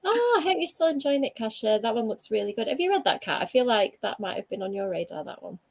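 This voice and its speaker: A woman's voice: a little high, very animated, quick pace, creaky. A woman hosting a casual livestream, chatting about books and reading out viewer comments with lots of fillers. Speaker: livestream host.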